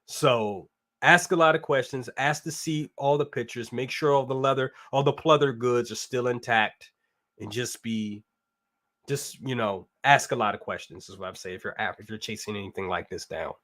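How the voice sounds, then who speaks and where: A man hosts a toy review live stream in loose, casual talk. He rambles and stays upbeat, with slangy phrasing. His voice sits at an ordinary middle pitch for a man. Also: normal speed, bright, forceful tone. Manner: rambling and upbeat, slangy, reads chat comments aloud. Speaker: toy review show host.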